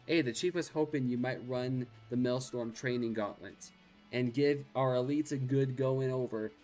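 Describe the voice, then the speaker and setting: A man reading a gruff naval officer's game dialogue aloud, stumbling over words now and then. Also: medium pitch, normal speed, a little mellow, faint music behind, close to an everyday voice. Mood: matter-of-fact. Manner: reads quest text aloud with stumbles.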